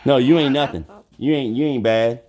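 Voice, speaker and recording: A man's voice: medium pitch, normal speed, crowd noise. A man vlogging at an outdoor zoo, joking around and trash-talking the birds in a casual chat. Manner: playful trash talk. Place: outdoor zoo bird cages.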